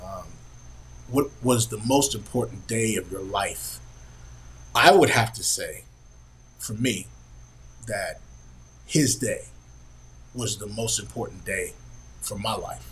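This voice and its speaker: A middle-aged man hosting a podcast, telling a family story in an earnest, halting way with many pauses and fillers. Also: on the low side, fairly bright tone, low-quality recording. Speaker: podcast host. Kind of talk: personal storytelling.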